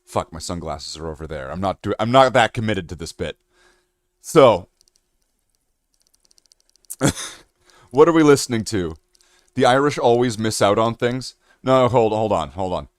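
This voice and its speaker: A man's voice: fairly low pitch, lively intonation, a little slow, pauses often, no room sound, clean studio sound. A man from Canada chatting casually on a live stream, joking, rambling and swearing.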